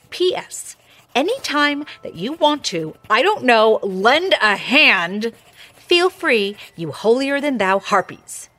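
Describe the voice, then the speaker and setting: A woman's voice: a little high, fairly bright tone, exaggerated voice. A woman voicing a hungover, wisecracking observer with a dry, sardonic manner. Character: wry, hungover woman watching over others.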